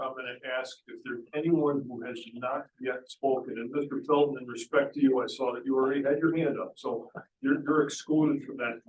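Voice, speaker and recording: A man chairing a town board public hearing, speaking haltingly with restarts. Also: medium pitch, highs cut off. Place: town hall meeting room. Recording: echoey room from far off.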